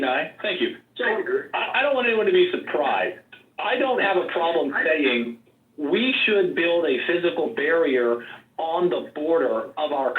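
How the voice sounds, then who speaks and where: A man giving a forceful, rambling campaign pitch in a group voice chat and talking over people who interrupt him. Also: echoey room, phone-quality sound. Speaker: political candidate.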